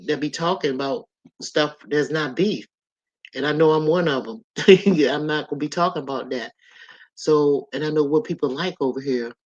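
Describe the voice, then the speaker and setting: A woman's voice: low-pitched, a little mellow, dull audio. A woman in her sixties hosting a casual live stream, chatting loosely with viewers and reading their comments out as she goes. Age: 60s.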